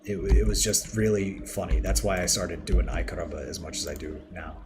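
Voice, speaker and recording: Man with a very deep voice streaming a build game, chatty and rambling, with keyboard and mouse clicks and background noise behind him. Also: flat delivery, brisk. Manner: rambling, chatty, talks to chat. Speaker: livestreamer. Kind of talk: casual game livestream commentary. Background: keyboard typing and mouse clicks.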